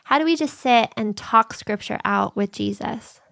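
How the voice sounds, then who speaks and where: A woman podcast host talking in an animated, friendly way in a conversational interview and laughing often. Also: on the high side, normal speed, creaky, no room sound, studio quality.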